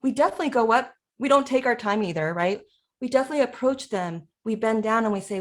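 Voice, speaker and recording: A woman's voice: a little high, quick pace. A woman who is a parent and educator, talking through ideas in a casual presentation, often acting out what people say.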